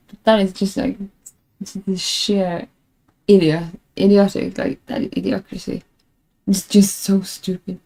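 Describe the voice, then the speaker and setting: Gravelly, dark-voiced woman streamer rambling. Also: medium pitch, level tone, unhurried, poor audio. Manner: rambling, self-mocking, laughs often; frustrated with tech. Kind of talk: casual live-stream chat.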